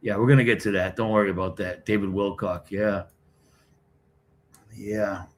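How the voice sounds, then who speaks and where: A man's voice: fairly low pitch, steady tone, a little slow, slight background noise. Blunt middle-aged man on a live stream. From Boston area, New England. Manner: blunt, wisecracking, talks straight to chat. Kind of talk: casual live-stream chat, greeting commenters.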